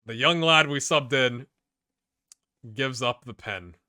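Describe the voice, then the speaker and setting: A man's voice: medium pitch, slow, no room sound, studio quality. A man giving let's-play commentary on a football management game, talking straight to the players on screen and getting worked up. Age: middle-aged. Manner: excitable, talks to players on screen. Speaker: gaming YouTuber.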